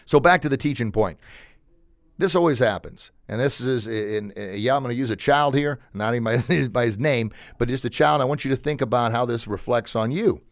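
A man's voice: medium pitch, brisk, no room sound, studio quality. A man hosting a show, giving a motivational talk in an emphatic coaching tone and repeating phrases for emphasis. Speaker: podcast host.

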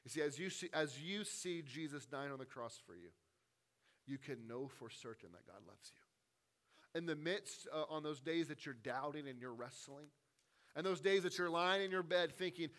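Forceful, bright-voiced male preacher. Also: on the high side, normal speed. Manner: dynamic preaching, swinging from hushed to loud. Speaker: pastor. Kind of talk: sermon.

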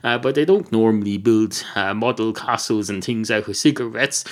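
A man's voice: on the low side, normal speed, natural voice. A self-important old Irish barman who rambles on and on, full of his own opinions, played by a man. His voice stays close to an ordinary man's tone, with a talky, pompous, meandering delivery. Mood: rambling. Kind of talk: comic storytelling.

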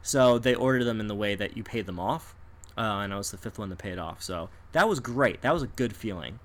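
A man's voice: on the low side, brisk. A man in casual chat telling a story with lots of energy, laughing and acting out the people in it. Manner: animated, laughs often, acts out people in quotes.

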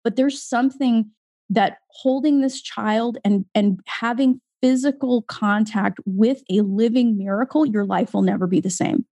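Woman, author guest, earnest and emphatic, higher voice, dry close-mic sound. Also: a little slow, warm tone, no echo. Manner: earnest, emphatic, swears freely. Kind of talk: casual podcast conversation.

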